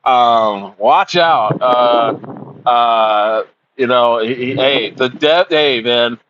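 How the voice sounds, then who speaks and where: A young man chatting casually on a livestream, excitable and rambling, calling his viewers bro and dude. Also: medium pitch, drawn-out words, muffled recording, slight background noise. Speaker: crypto livestreamer.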